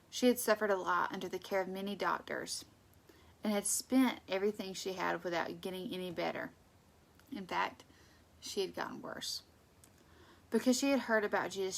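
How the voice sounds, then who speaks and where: A woman with a creaky, mid-range voice leads a casual Bible study. She speaks conversationally and with emphasis, now and then slipping into soft asides.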